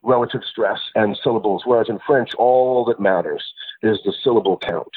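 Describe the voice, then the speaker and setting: A man as a poet and translator guest in a literary interview, explaining in a thoughtful way with pauses and restarts. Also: on the low side, slightly rough, dry recording. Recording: tinny phone-line sound.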